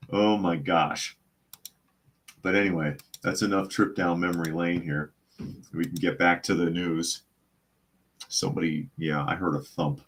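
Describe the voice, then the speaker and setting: A man with a low, deep voice hosts a live podcast in a loose, casual way. He reads viewer comments aloud and drifts into rambling stories, acting out the other people's voices as he goes. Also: steady tone, slow pace, long pauses, breathy edge. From United States. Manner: rambling storyteller, acts out quoted voices. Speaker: podcast host.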